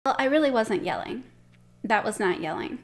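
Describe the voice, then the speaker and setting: A woman acting out a wife caught mid-argument, tossing off a half-hearted apology. She justifies herself and turns the blame back on her husband. Her voice sits fairly high and rises as she gets worked up. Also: expressive, normal speed. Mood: indignant. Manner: defensive, justifying, exasperated.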